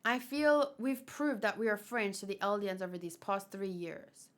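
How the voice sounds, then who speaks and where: A woman reading as a solemn, measured foreign ally from a comic, speaking slowly and gravely. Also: mid-range voice, steady tone, a bit bright, close to an everyday voice.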